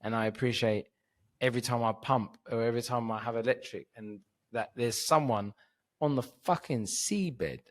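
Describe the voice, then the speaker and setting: A man's voice: mid-range voice, moderate pace. A man chatting on a podcast as a comedian guest, tipsy and sleepy, rambling and swearing freely. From Cyprus. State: drunk and sleepy. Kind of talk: casual podcast chat.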